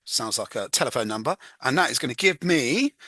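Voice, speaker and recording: Guy doing a casual chem walkthrough, bright voice, dry close mic, hums and jokes at himself. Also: mid-range voice, expressive, fairly quick, no room sound. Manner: chatty, self-mocking, hums "da da" while working. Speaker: chemistry tutor.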